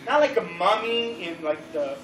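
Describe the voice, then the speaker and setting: A man giving a casual, animated teaching at a church youth service, acting out the voices of the crowd as he tells the story. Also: high-pitched, normal speed, over music. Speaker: youth leader. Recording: roomy, distant recording with faint background noise.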